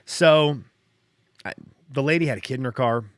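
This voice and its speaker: A man's voice: medium pitch, normal speed, no room sound, studio quality. A middle-aged man hosting his own podcast, telling a personal story in a casual, rambling way, still shaken and a little dazed. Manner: rambling, restarting, heavy on "like". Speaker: podcast host.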